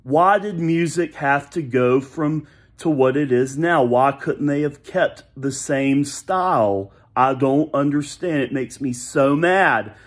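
Slow-talking man ranting in a vlog. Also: fairly high pitch. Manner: rambling, exasperated, nostalgic. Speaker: vlogger. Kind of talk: casual solo rant to camera.

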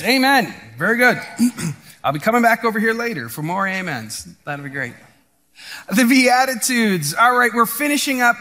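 Male pastor, conversational church sermon, high and bright-toned. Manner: conversational, restarts often, asks the congregation 'right?'. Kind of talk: casual sermon.

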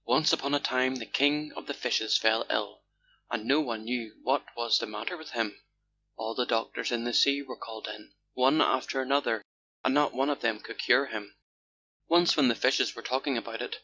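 A man narrating a children's fairy tale in a steady, measured storytelling manner, in a dull lo-fi recording with faint hiss. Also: mid-range voice. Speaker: audiobook narrator.

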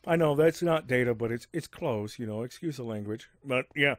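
A man hosting a game let's-play in casual, rambling commentary with many asides, speaking above his natural low register. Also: normal speed, no room sound, clean studio sound. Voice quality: rambling, lots of fillers and asides.

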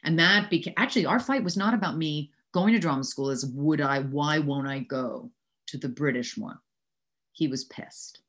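Low-voiced American actress in her 60s. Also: normal speed. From New York City. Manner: animated anecdotes, frequent laughter. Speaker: actress, interview guest. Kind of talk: casual storytelling interview.

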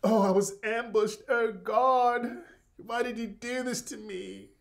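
Man doing a whining, self-pitying woman, mock-tearful, slow drawn-out delivery. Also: very high-pitched, steady tone, creaky, pitched above the performer's own voice, exaggerated voice. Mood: whiny. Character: whiny woman playing the victim.

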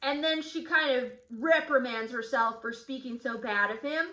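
A woman's voice: sits high, moderate pace, bright, forceful tone. A woman teacher leading a casual guided reading lesson, chatty with sardonic asides. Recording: roomy echo.

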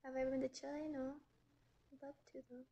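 A woman chatting casually on a phone livestream, greeting viewers and reading their comments aloud in a breezy way, quick to laugh. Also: high-pitched, completely flat delivery, vocal fry, warm tone, lo-fi sound. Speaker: actress hosting a livestream.

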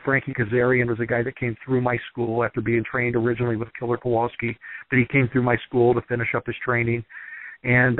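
A man's voice: mid-range voice, no echo. A man who trains wrestlers, guesting on a radio interview and telling rambling stories full of fillers. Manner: rambling, lots of fillers, animated storytelling. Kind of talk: casual radio interview over the phone. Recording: tinny phone line, dry.

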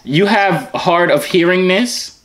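A man's voice: high voice, takes it slowly, fairly bright tone. A young man from Arkansas, joking around with strangers on a phone video chat. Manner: playful, joking, teasing. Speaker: YouTuber.

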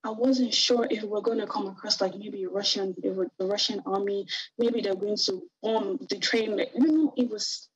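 A young woman from Nigeria, a guest on a television interview, recounting a personal ordeal in an earnest, halting way with many fillers. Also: mid-range voice, steady tone, slightly rough, no room sound, lo-fi sound.

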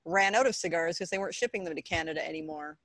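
A woman's voice: fairly low pitch, fast, a bit bright, no room sound. A woman talking as a guest in a casual podcast chat, frank with dry humor.

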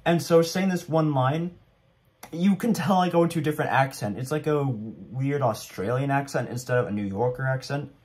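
A man's voice: medium pitch, normal speed, a little mellow. A young man giving casual, rambling commentary at home, chatty and self-deprecating. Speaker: vlogger.

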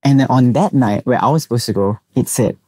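This young man hosts a podcast from Singapore, telling his own story in Singaporean-accented English and bringing quoted people to life through animated impressions. His medium-pitched voice moves fairly quickly and is slightly rough, in echo-free studio quality.

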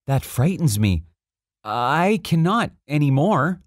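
A man voicing a small, timid boy prince in a storybook reading, speaking softly and earnestly. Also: a little high, very animated, a little slow, no echo, studio quality, pitched above the performer's own voice. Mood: frightened.

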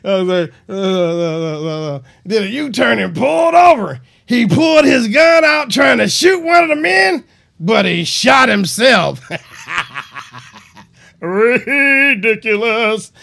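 A man voicing a woman eyewitness with a raspy smoker's voice, shouting her story. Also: very high voice, lively intonation, takes it slowly, exaggerated voice. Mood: excited. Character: loud raspy woman witness who smokes.

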